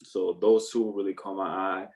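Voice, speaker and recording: A man's voice: sits low, steady tone, normal speed, a little mellow, distant mic, low-quality recording. A young man co-hosting a podcast, chatting casually and emphatically, often repeating himself to drive points home. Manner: emphatic, repeats phrases like "I'm telling you". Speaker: podcast co-host. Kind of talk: casual chat.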